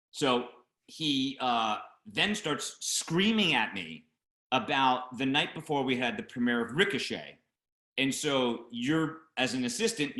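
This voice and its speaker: A man with a bright, forceful voice spins a story in a casual interview, jumping into loud, acted-out quotes of the people in it. The room around him rings with echo. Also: medium pitch. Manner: animated anecdote teller, acts out shouting voices. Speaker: film producer, interview guest.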